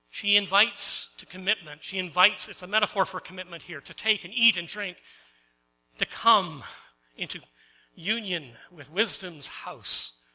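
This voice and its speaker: A middle-aged man preaching a sermon as pastor, telling stories with voiced characters and asking the congregation questions, swinging between loud emphatic lines and soft quiet ones. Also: on the high side, a little hiss or hum, poor audio.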